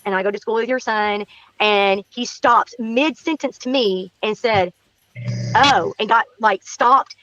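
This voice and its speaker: In a muffled recording with no echo, a woman with a medium-pitched voice tells a casual story as a guest about an encounter in her neighborhood. She is animated, acting out what people said and repeating herself for emphasis.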